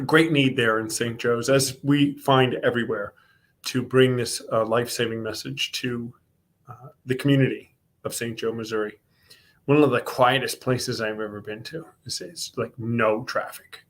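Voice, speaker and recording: A Northeastern American man hosts a relaxed online talk show. He chats loosely, rambles a little, and greets viewers one by one in a medium voice. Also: medium pitch. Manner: chatty, greets viewers by name. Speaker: host. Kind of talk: casual online show chat.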